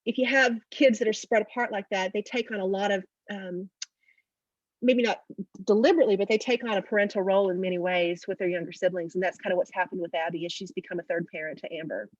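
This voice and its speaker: A woman's voice: quick pace, no room sound, dull audio. A middle-aged woman from Oklahoma, an author, telling stories in a casual interview and acting out the dialogue. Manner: animated storyteller, acts out dialogue with big pitch jumps. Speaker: author guest.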